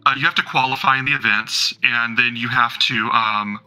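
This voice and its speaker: A man's voice: mid-range voice, steady tone, normal speed, pushed and bright, smooth, faint music behind, rough recording. A man narrating as game master of a tabletop role-playing game, rambling casually with many fillers and the odd swear.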